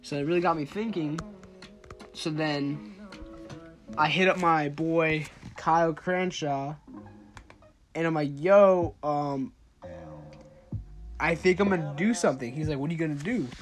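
A teenage boy hosts his own podcast, rambling through a story loaded with "like" and swearing. His voice is fairly high and his pace measured with frequent pauses, while faint music plays behind him.

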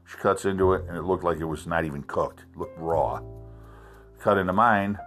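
A man with a fairly low voice tells a long, exasperated story, swearing freely as he complains. His delivery is blunt and grumbling. A soft guitar plays faintly behind him. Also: moderate pace. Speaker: vlogger telling a restaurant story. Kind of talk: profane storytelling rant.

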